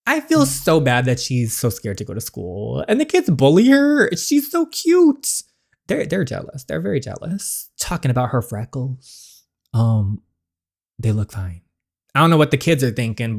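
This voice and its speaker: A game streamer chatting casually between story lines, rambling a little with fillers and restarts. The voice is at a middling pitch and sounds relaxed and conversational. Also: normal speed, vocal fry. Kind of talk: casual commentary while reading a story game.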